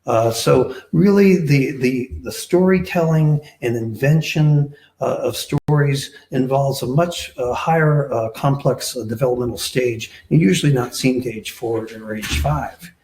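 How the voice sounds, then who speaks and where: A man's voice: mid-range voice, unhurried, few pauses, a little mellow, a little hiss or hum. Guy on a panel, lots of uhs and ums, room echo all over. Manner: hesitant, many filler sounds. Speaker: researcher answering questions. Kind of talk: panel discussion answer. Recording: echoey room.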